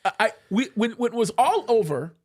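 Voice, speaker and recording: A male show host telling a story in a casual studio chat, animated and acting out what people said. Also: very high voice, moderate pace, slightly rough. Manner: animated, acts out quoted speech.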